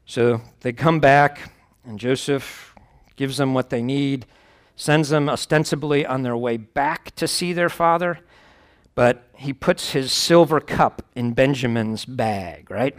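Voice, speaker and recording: A man's voice: mid-range voice, slow pace. A man preaching, reading scripture aloud and explaining it in a conversational way, with wry asides.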